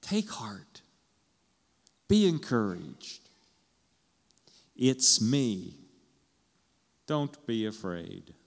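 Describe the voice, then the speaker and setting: A man voicing Jesus as he retells a scripture story in a sermon, speaking softly and slowly. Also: medium pitch, sing-song, vocal fry, big-room sound, heavily acted. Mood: reassuring. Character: Jesus, calm reassuring grown man.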